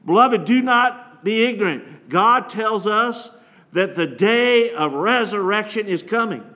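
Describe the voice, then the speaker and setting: A man's voice: high voice, lively intonation, unhurried, pushed and bright. A man pastor preaching a sermon, reading scripture and asking the congregation to call out words.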